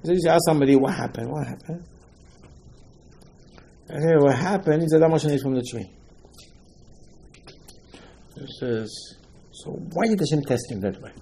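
A man with giving an informal Torah lecture, rising to emphatic questions and dropping low again. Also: brisk, long pauses, warm tone, slight background noise, low-quality recording. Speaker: rabbi giving a talk.

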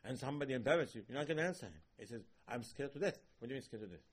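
Husky-voiced man giving a sermon. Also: mid-range voice, lively intonation, very fast. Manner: emphatic, rising loud on quoted questions. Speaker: rabbi.

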